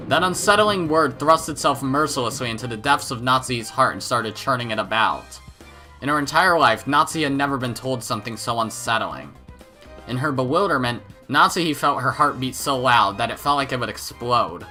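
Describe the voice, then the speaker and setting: A man reading a visual novel aloud in an expressive, animated way. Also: mid-range voice, a little fast, soft background music. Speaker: let's play narrator.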